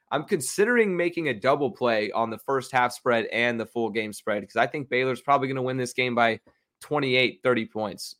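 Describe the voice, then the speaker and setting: A man's voice: medium pitch, fairly bright tone. Chatty young man picking football bets. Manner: chatty, confident, self-mocking. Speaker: sports betting podcast host. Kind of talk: casual solo commentary.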